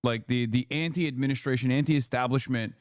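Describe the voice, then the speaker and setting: A man's voice: mid-range voice, a little fast, no echo, clean studio sound. A male streamer giving sarcastic, profane commentary in a casual live-stream style.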